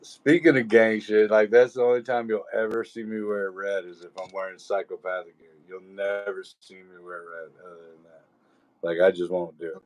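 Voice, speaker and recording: A man's voice: lowish voice, flat delivery, normal speed. A man guesting on a livestream, telling laid-back stories, laughing and mimicking voices. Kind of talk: casual chat.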